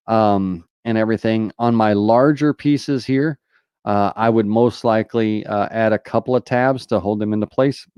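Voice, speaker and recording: A man's voice: on the low side, a little mellow, smooth, no room sound, studio quality. A man with a Southern US accent hosting a live question-and-answer tutorial, talking casually with many fillers like "uh" and "you know". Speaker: host answering viewer questions.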